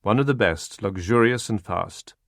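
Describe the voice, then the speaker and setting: A reserved, courteous film actor, read by a male audiobook narrator. The voice stays low and even, close and dry, with careful, measured phrasing. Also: no echo. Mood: polite. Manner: polite, measured.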